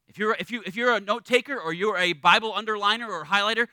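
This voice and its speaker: A middle-aged man preaching a sermon as a pastor, conversational and animated, acting out little voices in his stories. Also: high voice, brisk, clean tone, no echo.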